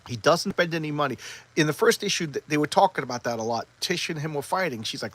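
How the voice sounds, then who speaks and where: Male comic reviewer, rambling, animated, slightly high voice. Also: moderate pace. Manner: rambling, acts out characters' lines. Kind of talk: casual comic recap.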